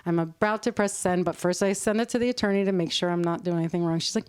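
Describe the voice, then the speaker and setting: Smooth low-voiced woman telling stories. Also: fast talker, hardly any pauses, no echo, clean studio sound. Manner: animated, acts out quoted voices, laughs often. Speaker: podcast guest, nonprofit CEO. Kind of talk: conversational storytelling.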